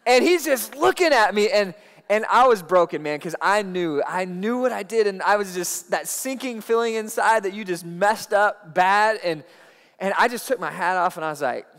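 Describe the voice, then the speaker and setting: A man preaching a sermon, telling a personal story in an animated way that rises loud at the tense moments. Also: high-pitched, normal speed. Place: church auditorium. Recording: long hall reverb.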